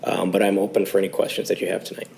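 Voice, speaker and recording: A man serving as police chief, his voice going hoarse, speaks low and haltingly, filling pauses as he reports to a township board. He sounds like he is talking at a meeting-room microphone. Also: level tone, darkish tone, slight background noise, low-quality recording. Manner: halting, many fillers. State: losing his voice.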